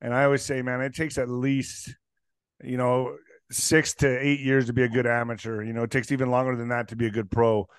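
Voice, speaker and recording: A man's voice: mid-range voice, level tone, fairly quick, clean tone, no echo. A man hosting an interview in a loose, profane, eager way, often calling his guest dude. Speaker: podcast host. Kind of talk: casual interview chat.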